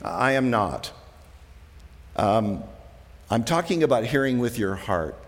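A man preaching as a pastor, talking conversationally, moving between quiet, slow passages and emphatic ones. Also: medium pitch, big pitch swings, long reverb tail. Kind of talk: sermon.

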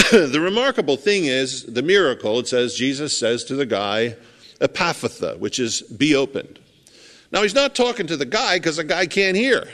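Male preacher, chatty sermon, acts stuff out, goes loud then real quiet, long church echo. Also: a little high. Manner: conversational, acts out scenes, swings from loud to hushed. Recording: long hall reverb.

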